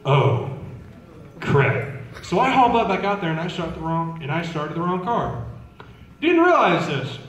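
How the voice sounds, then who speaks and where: Young man, stand-up comic, fairly high voice, chatty, quizzes the crowd, distant mic, very echoey hall. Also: big pitch swings, a little slow, long pauses, a little hiss or hum. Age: young adult. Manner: chatty, asks the crowd questions, acts out relatives. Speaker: student comedian. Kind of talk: stand-up storytelling. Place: school talent show stage.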